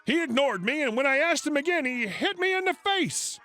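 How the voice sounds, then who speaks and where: A man's voice: very high voice, lively intonation, normal speed, bright, forceful tone, soft background music, pitched above the performer's own voice, exaggerated voice. A man voicing an entitled woman customer who shrieks accusations at a manager. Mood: indignant.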